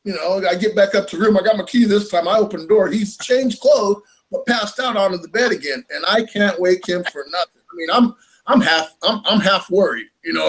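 High-voiced man telling a story. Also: brisk. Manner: animated, laughing, acts out quoted lines. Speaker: fishing tournament angler. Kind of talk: casual storytelling.

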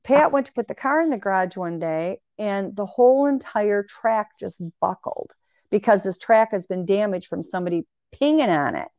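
A woman in casual conversation, telling long animated anecdotes full of quoted dialogue. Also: mid-range voice, moderate pace, dry recording. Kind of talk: casual storytelling chat. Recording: dry, dull lo-fi sound.

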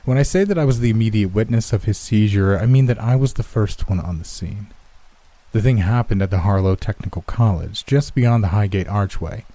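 Deep, dark-voiced male story narrator. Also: dry recording. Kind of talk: scripted narration of a classic story.

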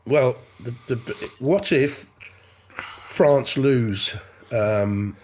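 A man's voice: mid-range voice, drawn-out words, darkish tone, a little hiss or hum. A middle-aged man co-hosting a podcast, talking football in casual chat with many restarts and ums. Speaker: podcast co-host, football pundit.

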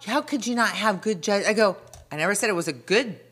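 A middle-aged woman with a bright, forceful voice tells a story in an animated way on a chat show. She acts out the other people's lines and breaks into giggles. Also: mid-range voice, a little fast, husky. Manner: animated retelling with quoted dialogue, giggly. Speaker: co-host.

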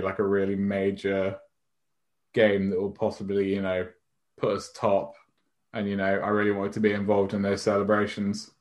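A man co-hosting a podcast in casual chat, rambling and self-mocking, swearing freely. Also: on the low side. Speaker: podcast co-host.

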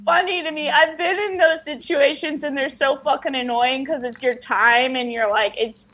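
A woman's voice: sits high, fairly even intonation, normal speed, fairly bright tone. A woman comedian in casual podcast chat, blunt and free with swearing.

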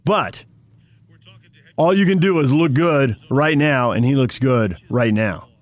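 A man's voice: medium pitch, takes it slowly, dry recording. A man co-hosting a sports radio show, chatting casually and laughing often with jokey asides.

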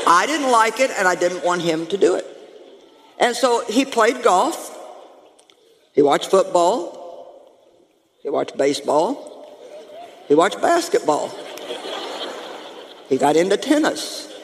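A woman pastor preaching a lively, humorous sermon to her congregation, calling out to them as she goes. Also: lowish voice, slow pace, long pauses, in a large hall. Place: church sanctuary.

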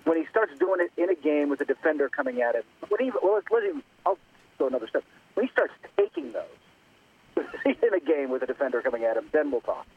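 Man, guest caller, animated, husky, lively pitch, tinny phone line. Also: fast. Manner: animated, talks with restarts. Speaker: guest basketball writer. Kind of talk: phone-in interview.

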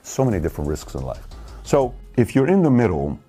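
A man's voice: lowish voice, huge pitch swings, fairly quick, warm tone, breathy edge, soft background music. A man in his forties hosting an opinionated commentary, talking emphatically and firing rhetorical questions at the listener. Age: 40s. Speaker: show host.

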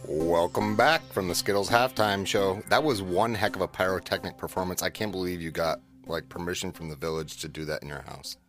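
Low-voiced laughing man. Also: fairly quick, hardly any pauses, a bit bright, soft background music. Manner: laughs often while telling a story. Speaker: podcast co-host. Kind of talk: casual chat.

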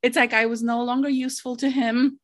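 A woman's voice: fairly high pitch, flat delivery, a little fast. A woman guest telling her story in a casual, chatty way, laughing often and saying "like" and "dude" a lot. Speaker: podcast guest.

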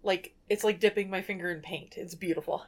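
A woman's voice: on the low side, fairly even intonation, fairly quick. A woman co-hosting a podcast, joking around in casual chat. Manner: joking, playful. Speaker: podcast co-host.

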